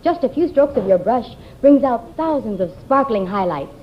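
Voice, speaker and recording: A woman delivers a live TV commercial in a persuasive, upbeat sales pitch. Her pitch swings widely as she stresses the selling points. The sound is dull and muffled, with a faint hiss behind it. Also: expressive, moderate pace. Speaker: commercial presenter. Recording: dull off-air TV recording.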